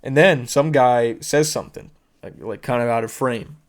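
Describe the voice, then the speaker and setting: A man's voice: mid-range voice, moderate pace. A man hosting his own podcast, retelling a viral video in casual solo commentary, swearing often and acting out the people in it. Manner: swears a lot, animated retelling. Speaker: podcast host.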